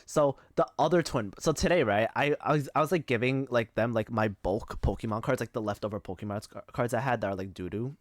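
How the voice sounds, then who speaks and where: A man's voice: mid-range voice, a little fast, few pauses, no echo, studio quality. A young man streaming live, chatting casually and telling rambling stories packed with fillers and swearing. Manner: rambling, filler-heavy storytelling with frequent swearing.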